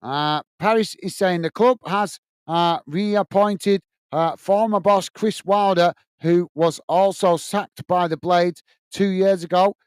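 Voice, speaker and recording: A man's voice: high-pitched, slow, smooth, no room sound. A man hosting a live football watch-along, chatting loosely with viewers, reading out their comments and calling the play, often saying "mate". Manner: reads viewer comments aloud. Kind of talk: casual live-stream chat and match commentary.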